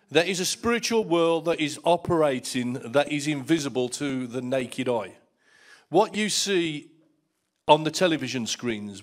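Middle-aged male pastor, preaching in a storytelling manner, voice sits a little high. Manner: storytelling, repeats words when starting a thought. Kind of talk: sermon.

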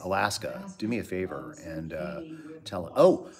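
Deep-voiced man rambling through a live chat. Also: very animated, moderate pace. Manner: rambling, reads out viewer locations, dry jokes. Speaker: host. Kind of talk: casual live-stream chat.

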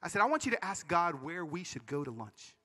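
High, bright-voiced animated male preacher. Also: big-room sound. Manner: animated storytelling with quick asides. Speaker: conference speaker. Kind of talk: energetic sermon talk. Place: large conference hall.

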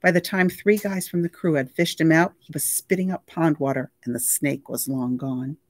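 A library reader reading a novel aloud with lively, expressive storytelling. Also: medium pitch, normal speed, no echo, clean studio sound.

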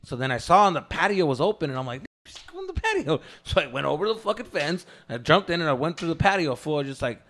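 A man with a Chicano English accent telling a wild story on a casual podcast, swearing a lot and loudly acting out what people said. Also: a little high, fast, hardly any pauses. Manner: animated, swears a lot, acts out quotes loudly. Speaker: podcast co-host.

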